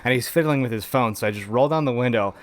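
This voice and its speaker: A man's voice: mid-range voice, fast, no room sound. A man, a veteran guest on a podcast, telling casual stories and acting out the voices of people in them. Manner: lively anecdotes, acts out quoted voices. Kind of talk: casual storytelling.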